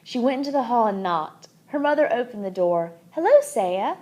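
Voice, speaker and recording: A woman narrating a children's book aloud in an expressive, animated way. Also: fairly high pitch, brisk. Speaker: audiobook reader.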